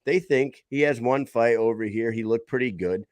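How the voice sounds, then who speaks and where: A man hosting a podcast, asking a fighter questions in an easygoing, halting way. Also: mid-range voice, darkish tone, no room sound. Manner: easygoing, halting, laughs along. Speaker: podcast host. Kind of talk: casual interview questions.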